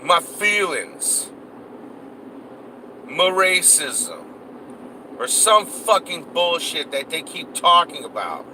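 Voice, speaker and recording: A man's voice: a little high, expressive, slow pace, pauses often, background noise. A man delivering a heated, profanity-laced rant, cursing and repeating himself as he vents. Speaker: political vlogger.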